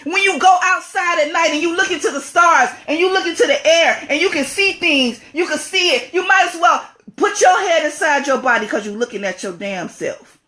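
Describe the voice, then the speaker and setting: A woman with a high-pitched voice delivers an impassioned spiritual talk. She is emphatic and preachy, hammering her points home by repeating phrases for stress. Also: animated, normal speed, few pauses, pushed and bright.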